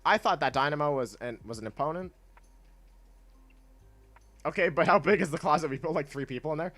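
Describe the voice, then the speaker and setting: A young man casually chatting with his chat while playing a video game, laid-back and quick to laugh. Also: a little high, fairly bright tone, soft background music. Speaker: streamer.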